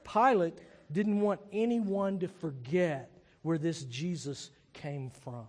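A man's voice: on the high side, a little mellow. Man preaching in a reverberant hall. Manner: conversational, thoughtful preaching. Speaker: pastor. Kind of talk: sermon.

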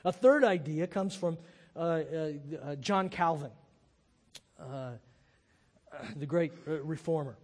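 A man's voice: a little high, takes it slowly, pauses often, a little mellow. A man, a pastor, gives a thoughtful, conversational sermon in a large reverberant room.

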